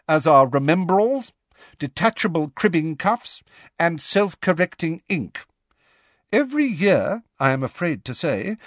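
A man voicing a strict elderly female professor, speaking in a crisp, measured, formal way. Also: fairly high pitch, no echo, clean studio sound, voice pushed up.

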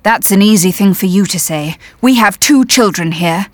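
A woman's voice: mid-range voice, normal speed, dry recording, lightly acted. A woman doing a curt, wary German father. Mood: brusque. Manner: curt, muttering.

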